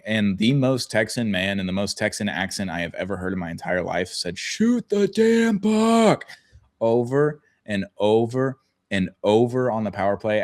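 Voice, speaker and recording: A young man co-hosting a sports podcast, rambling and joking with casual swearing. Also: sits low. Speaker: podcast co-host.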